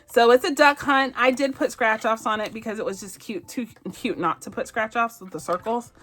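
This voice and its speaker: A bubbly woman hosts a budgeting channel, chatting casually as she reviews savings challenges, gushing, giggling and saying "y'all." Her voice sits on the high side with a fairly bright tone, and she speaks at a moderate pace.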